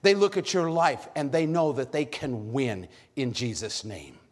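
A man preaching a sermon with lots of energy, calling out questions to the congregation and shouting at high points. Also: expressive, a little slow. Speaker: pastor. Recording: long hall reverb.

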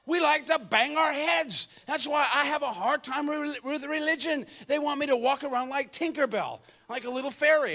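A man in his fifties preaching an energetic, comedic sermon, joking and acting out voices. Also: extremely high pitch, normal speed, few pauses. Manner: animated, jokey, acts out voices, shouts at times.

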